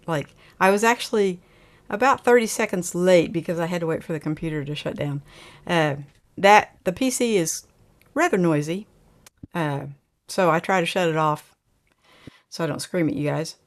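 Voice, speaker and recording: A woman's voice: on the low side, moderate pace, long pauses. A woman talks casually on her live stream, picking up viewer comments and answering them. She laughs easily and keeps a loose, conversational flow. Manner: chatty, laughs often, reads viewer comments aloud. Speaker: livestream host reading chat.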